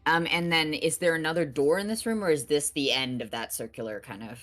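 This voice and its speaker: A woman's voice: deep voice, a little fast, fairly bright tone, no room sound, faint music behind. A woman playing a tabletop game, asking questions and thinking aloud in casual, giggly chat. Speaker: player.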